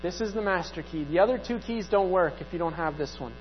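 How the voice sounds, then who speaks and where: A man's voice: high-pitched, quick pace, a little hiss or hum. Male pastor, sermon delivery, conversational with repeated emphatic lines; long hall reverb, dull recording.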